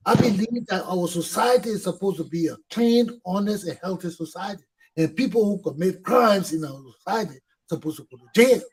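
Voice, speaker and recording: A middle-aged Liberian man hosts his talk show in a fiery, impassioned monologue. His voice sits fairly high with a husky, rough edge. He hammers his points home by repeating them and swearing. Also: darkish tone, poor audio. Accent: Liberian English.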